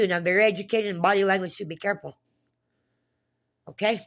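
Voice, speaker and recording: Brisk and a bit bright at medium pitch, a woman vlogs to camera in a casual, agitated monologue. She swears while retelling a phone call and keeps restarting her sentences.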